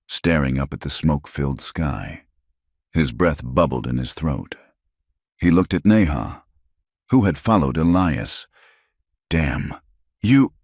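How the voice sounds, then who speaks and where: Very deep-voiced male story narrator. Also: dry recording, clean studio sound. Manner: steady, dramatic storytelling. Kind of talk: scripted narration.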